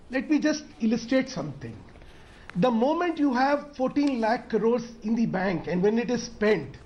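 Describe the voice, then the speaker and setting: A man's voice: extremely high pitch, a little mellow, lo-fi sound, a little hiss or hum. Insistent Indian man in TV debate. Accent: Indian English. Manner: insistent, keeps pressing to finish his point. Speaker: politician guest. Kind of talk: heated TV debate.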